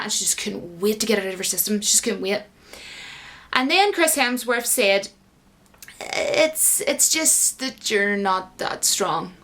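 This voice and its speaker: A woman's voice: fairly high pitch, fairly bright tone. A woman giving a casual, indignant and sarcastic rant as a commentator, full of fillers. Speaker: YouTube commentator.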